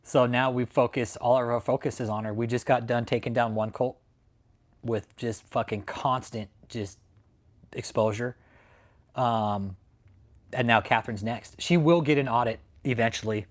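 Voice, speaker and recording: Speaking from home in San Antonio, a Texan man hosting a live stream fumes and swears, repeating his threats over and over. His mid-range voice is level in tone and a little slow, broken by long pauses.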